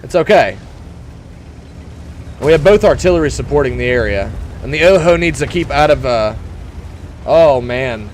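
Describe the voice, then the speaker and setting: A young man commenting on his own tank gameplay in a put-on gruff voice, excitable and quick to whoop and laugh. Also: mid-range voice, a little hiss or hum. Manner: talks in a put-on gruff tanker voice. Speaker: gaming YouTuber.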